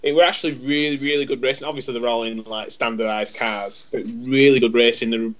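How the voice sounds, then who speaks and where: A podcast co-host in casual conversation rambles through a story, stumbling and repeating words. His mid-range voice is fast, a bit bright and fairly even in intonation, captured in dull lo-fi sound.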